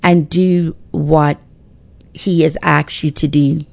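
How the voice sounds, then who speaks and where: A woman's voice: low-pitched, steady tone, takes it slowly, vocal fry, dry recording. A middle-aged woman, giving emphatic, preachy faith encouragement on a radio talk show. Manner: emphatic, preachy, with frequent restarts.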